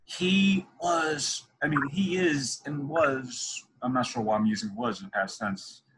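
A man's voice: fairly high pitch, takes it slowly, noisy background. A young man interviewing a guest, telling long, digressive stories in casual conversation. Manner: chatty, digressive storytelling.

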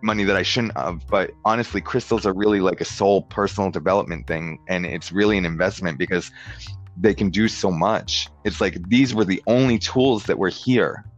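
A man's voice: low-pitched, moderate pace. A man telling a story in casual chat, rambling and peppering it with "like", slipping into other people's voices when quoting them. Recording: dull lo-fi sound with faint guitar music.

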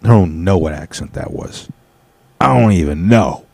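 Low-voiced man ranting casually. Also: normal speed, mellow, husky, no echo. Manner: rambling, profane, cuts himself off. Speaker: podcast host. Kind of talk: casual solo podcast rant. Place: home apartment.

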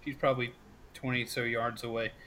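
A man running a tabletop game, describing the scene in a loose, filler-heavy way. His voice is bright and forward. The recording is dry with a faint hiss. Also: mid-range voice, little pitch movement, fairly quick, low-quality recording. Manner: casual, filler-heavy narration. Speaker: game master.

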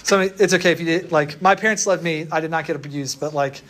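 A man's voice: fairly high pitch, fast, noisy background. A young man giving a sermon to a room, talking casually and asking the listeners rhetorical questions. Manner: conversational, asks the audience rhetorical questions. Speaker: pastor. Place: room with an audience.

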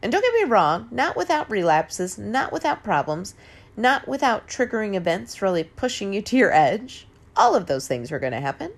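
A woman's voice: mid-range voice, sing-song, normal speed. A woman in her forties giving an emphatic, casual motivational talk, swearing now and then and laughing easily. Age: 40s. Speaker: host. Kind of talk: motivational monologue.

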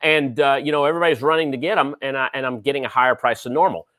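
A man's voice: medium pitch, rapid-fire, fairly bright tone, dry recording. A man hosting a casual trading show, talking through stocks in a rambling way with many fillers and sports analogies. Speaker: host. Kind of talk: casual market commentary.

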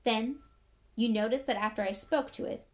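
A woman's voice: fairly high pitch, normal speed, natural voice. A woman voicing a young schoolboy wizard who talks fiercely, his voice shaking with anger.

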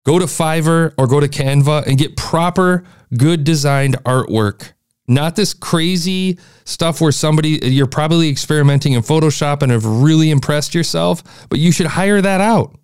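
A man's voice: a little high, a little mellow, clean tone, no room sound, studio quality. A man hosting a podcast, giving a blunt, exasperated critique of a listener's show. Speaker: podcast host reviewing listener shows.

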